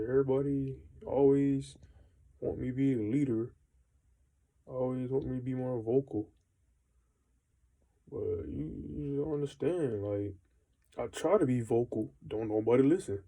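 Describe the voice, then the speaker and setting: A man's voice: medium pitch, steady tone, normal speed, long pauses, dark tone, poor audio. A young man venting in a casual, rambling monologue, frustrated and full of slang and swearing.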